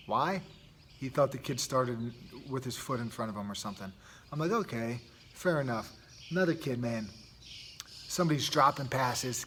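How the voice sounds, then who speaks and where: A man who hosts a podcast and coaches youth sports speaks earnestly in a loose, casual monologue. He often restarts sentences and tacks on "right?" His voice is medium-pitched, with slight background noise.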